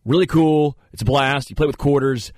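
A man hosting a talk show, telling rambling, animated stories in casual studio banter. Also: mid-range voice, normal speed, no room sound. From Kansas City area. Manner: rambling, animated storyteller who jumps into funny voices. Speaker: radio show host.

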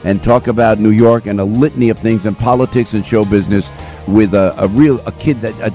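An older man hosting a talk radio show, chatting and doing a live ad read in a lively, jokey way that swings between loud and soft. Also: lowish voice. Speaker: radio host. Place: radio studio. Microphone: studio microphone.

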